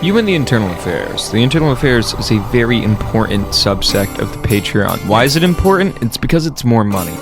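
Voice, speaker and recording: Deadpan joking podcast co-host, a man. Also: medium pitch, fairly quick, gravelly, few pauses, over music. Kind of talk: casual comedic podcast chat.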